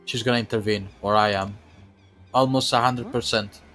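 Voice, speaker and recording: A man's voice: on the low side, steady tone, normal speed, over music. A man streaming a video game, chatting casually and rambling through his thoughts. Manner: rambling, full of fillers and restarts. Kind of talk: casual gaming commentary.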